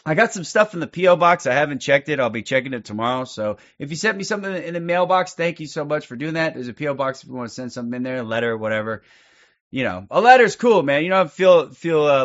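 A man's voice: medium pitch, fairly bright tone. Rambling, profane man on a lo-fi livestream. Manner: rambling, profane, many fillers. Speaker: livestream host. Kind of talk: casual livestream monologue. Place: sitting on a couch at home.

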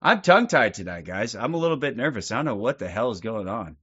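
A man's voice: mid-range voice, sing-song, fast, a bit bright, breathy edge, lo-fi sound. A man hosting a casual livestream from his couch at home, rambling and swearing, with lots of fillers and restarts. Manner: rambling, profane, many fillers. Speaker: livestream host.

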